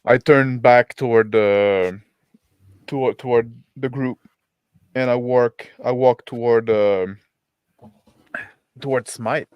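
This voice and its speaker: A man's voice: medium pitch, steady tone, slow pace, long pauses, clear, resonant tone, no echo, dull audio. Man hesitantly describing his player's actions. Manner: hesitant, with repeated restarts.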